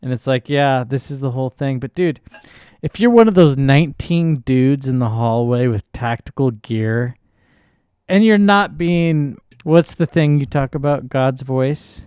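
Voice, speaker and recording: A man co-hosting a podcast in loose, profane banter, quick with animated asides. His voice is smooth and resonant. The sound is dry and close. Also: mid-range voice, no room sound. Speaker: podcast co-host.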